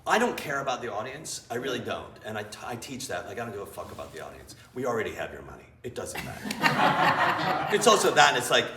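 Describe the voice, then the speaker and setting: His voice is mid-range and a little fast, recorded far from the mic with background noise and faint ambience in an echoey room. He's an improv teacher and interview guest telling stories to a live audience in a small theater. His candor is blunt and profane, full of swearing, and he animatedly acts out scenes.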